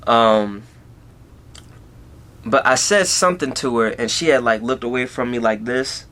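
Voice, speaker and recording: A man's voice: medium pitch, a little slow, a bit bright. A young man talking through a personal story on his vlog, rambling along with plenty of "you know" and "like" in a casual way. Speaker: YouTuber.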